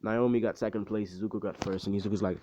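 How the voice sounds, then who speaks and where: A man's voice: on the low side, fairly even intonation, fast talker, darkish tone, slight background noise. Slangy man rambling through a story. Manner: rambling and loose, with slangy asides and swearing. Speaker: fan-fiction storyteller. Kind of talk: casual spoken story recap.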